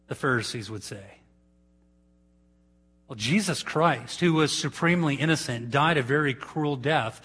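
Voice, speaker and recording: A man preaching a sermon in a church, swinging between loud emphatic peaks and hushed low asides. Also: slightly rough.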